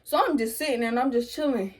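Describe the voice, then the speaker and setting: A young woman, casually telling a storytime and animatedly acting out quotes. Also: fast. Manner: animated, acts out quotes in a high voice. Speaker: vlogger.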